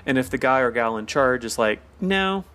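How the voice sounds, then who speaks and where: A man's voice: medium pitch, level tone, brisk, a bit bright. A man co-hosting a podcast in casual chat, laughing often and playfully quoting characters. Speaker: podcast co-host.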